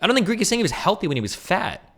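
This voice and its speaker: A man commentating casually on a livestream, arguing heatedly and swearing, with quick mock voices of others. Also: high voice, sing-song, fairly bright tone. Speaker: streamer reacting to a debate.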